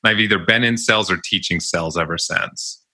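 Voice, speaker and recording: A man's voice: sits low, a little fast, pushed and bright. A young man telling stories about his college jobs in a casual, chatty way, often laughing. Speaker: podcast guest. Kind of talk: casual storytelling interview.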